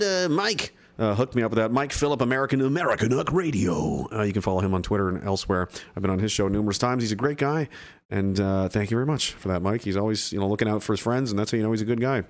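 Rambling, cursing man chatting on a livestream. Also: on the low side. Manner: rambling and profane, with many fillers and restarts. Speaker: livestream host reading chat. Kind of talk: casual livestream chat.

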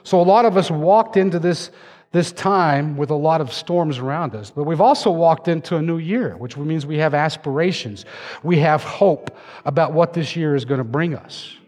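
Guy preaching a sermon, kinda high voice, big echoey church hall, tells it dramatic. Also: normal speed, darkish tone. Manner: dramatic storytelling, acting out voices. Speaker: pastor. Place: church sanctuary stage. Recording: long hall reverb.

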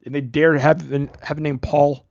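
A man's voice: on the high side, little pitch movement, moderate pace, vocal fry, a little mellow, lo-fi sound. A man hosting a podcast, rambling and joking in a casual movie review chat. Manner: rambling, joking, self-deprecating. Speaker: podcast host.

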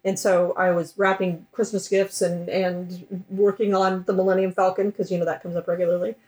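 A woman's voice: on the low side, flat delivery, moderate pace, a little mellow, roomy sound. A woman in a casual book chat, emphatic and exasperated, who swears freely. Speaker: book club member.

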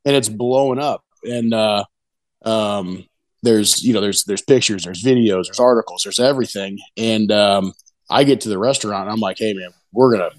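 Middle-aged man, barbecue pitmaster, excited rambling storyteller, dry close sound. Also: on the low side, normal speed, no room sound. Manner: excited, rambling, many "you know what I mean". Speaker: competition barbecue pitmaster, guest. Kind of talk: casual interview storytelling.

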